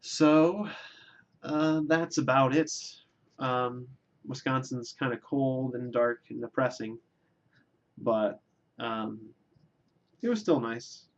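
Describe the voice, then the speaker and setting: A man's voice: mid-range voice, fairly even intonation, takes it slowly, long pauses, dull audio. A man delivering a rambling, self-deprecating comic monologue, with lots of filler words and restarts. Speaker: vlogger.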